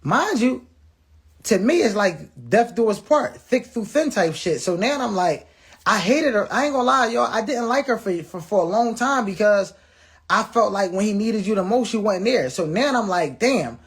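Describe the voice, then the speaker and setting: A man's voice: high-pitched, expressive, normal speed, slightly rough. A man telling viewers a personal story in a blunt, profane way, restarting his words and acting out what people said. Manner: blunt, profane, acts out quoted dialogue; repeats and restarts words often.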